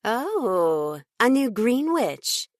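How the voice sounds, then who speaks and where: A woman voicing a smooth, predatory agency witch with a silken British accent and a simpering manner. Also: a little high, big pitch swings, extremely slow, no room sound, studio quality, voice pushed up, exaggerated voice. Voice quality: silken-voiced. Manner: simpering, sugary.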